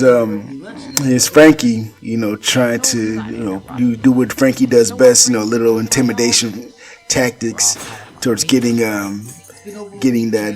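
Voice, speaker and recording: Guy at home rambling through a commentary track, lots of you-knows and restarts. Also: medium pitch. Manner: rambling, with many filler phrases and restarts. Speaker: creator commenting on his own stop-motion series. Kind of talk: casual commentary.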